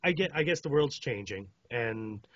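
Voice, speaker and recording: A man from Canada, co-hosting a podcast in a relaxed casual chat and laughing easily. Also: medium pitch, normal speed. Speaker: podcast co-host. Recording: dry, dull lo-fi sound.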